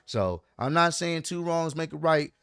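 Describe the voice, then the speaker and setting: A young man vlogging, telling a personal story in a casual, slangy, animated way and talking straight to his viewers. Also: fairly high pitch, unhurried, clean tone, dry recording, clean studio sound.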